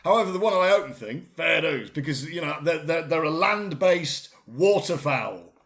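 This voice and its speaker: Excitable man, lively pitch. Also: normal speed, gravelly. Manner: excitable, animated, stumbling repeats. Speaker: co-host. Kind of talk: comedic podcast banter.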